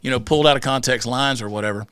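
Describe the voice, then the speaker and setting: A middle-aged man from rural Georgia with a Southern accent, telling stories in a quick, animated way as a podcast guest. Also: mid-range voice, clear, resonant tone, no room sound. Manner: rapid-fire, animated storytelling. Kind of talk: casual podcast conversation.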